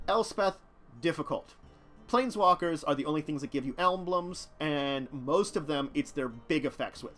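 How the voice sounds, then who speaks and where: A man's voice: a little high, a bit bright. Chatty man streaming a deck review. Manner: rambling, chatty, talks to chat, chuckles. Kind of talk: casual live-stream commentary.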